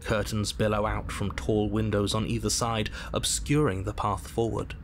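A man voicing the narrator and inner voices of a horror game, telling the scene in measured tones and slipping into anxious, bickering asides. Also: on the low side, little pitch movement, slight background noise, natural voice. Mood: ominous, measured. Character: calm, wry male narrator of a horror game.

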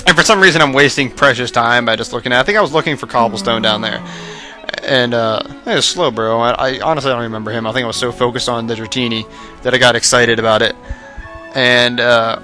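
Young guy rambling over his game footage, kinda tired voice at 2am, jumps up loud when excited, faint music underneath. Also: medium pitch, a little fast. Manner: rambling, self-mocking, excitable outbursts. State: voice going hoarse late at night. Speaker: let's play host. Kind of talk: casual gameplay commentary.

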